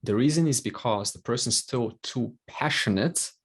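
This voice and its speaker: A man teaching a scripture class, explaining calmly with frequent pauses and fillers. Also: mid-range voice, breathy edge. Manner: calm explanatory, many fillers. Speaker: Vedanta teacher.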